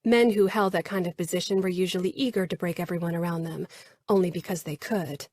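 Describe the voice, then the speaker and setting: Breathy female audiobook narrator. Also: lowish voice, steady tone, brisk, a little mellow, no room sound, clean studio sound. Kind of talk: first-person romance audiobook narration.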